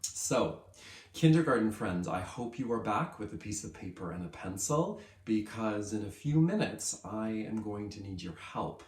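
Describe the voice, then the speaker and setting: A male kindergarten teacher giving a lesson to young children in an upbeat way, stretching words out slowly so they can follow. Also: fairly low pitch, very animated, a little mellow, reverberant.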